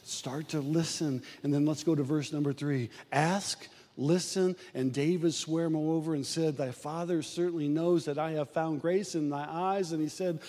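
A man preaching a sermon to a church, animated and acting out the voices he quotes. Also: normal speed, hardly any pauses, in a large hall. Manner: animated preaching, acts out quoted voices, rises and drops in pitch.

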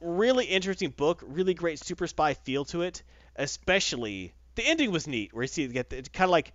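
A man hosting a casual comic book recap, retelling the plot with animated delivery and quick character voices. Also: on the high side, no room sound. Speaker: podcast host reviewing comics. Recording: dull lo-fi dry recording.

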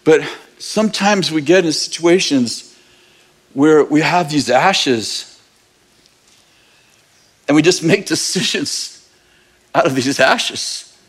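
A man's voice: fairly high pitch, animated, slow, pauses often, slightly rough. A man preaching as pastor, telling a personal story in a casual, candid way and laughing now and then. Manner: conversational, candid, with bursts of laughter. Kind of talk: sermon storytelling.

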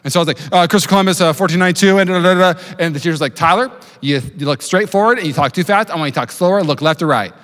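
A man in his thirties preaching a sermon to his church, talking fast with jokes and self-deprecating asides. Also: sits high, a bit bright. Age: 30s. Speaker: pastor. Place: church auditorium with live congregation. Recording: long hall reverb.

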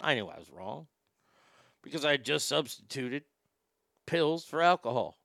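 A man's voice: medium pitch, sing-song, normal speed, vocal fry, fairly bright tone, no echo, clean studio sound. A man playing a crude, brash middle-aged radio shock-jock who swears freely and rambles with tobacco in his mouth. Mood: rambling. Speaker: radio host. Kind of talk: comedic radio show monologue.

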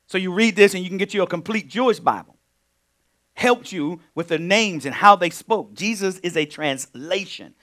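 Bright, high-pitched preaching man. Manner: animated preaching, swings from quiet asides to loud emphatic bursts. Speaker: pastor. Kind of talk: teaching sermon.

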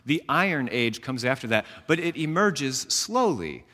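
A man teaches from scripture in an animated way, with a voice that rises and falls a lot. He slips in self-aware jokes as he explains. His words ring out with a long reverb. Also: mid-range voice, normal speed. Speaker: Bible teacher. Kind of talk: teaching sermon.

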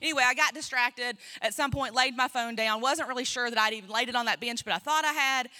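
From the pulpit, a woman pastor tells a long story in a storytelling sermon at church, her voice a little high, bright, and forceful. She speaks fast, chatty and self-mocking, with plenty of asides.

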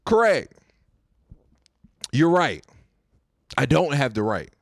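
A man's voice: a little high, sing-song, slow, creaky, no room sound. A young man hosting his own podcast, ranting casually and profanely, often repeating himself. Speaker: podcast host. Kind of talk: casual rant.

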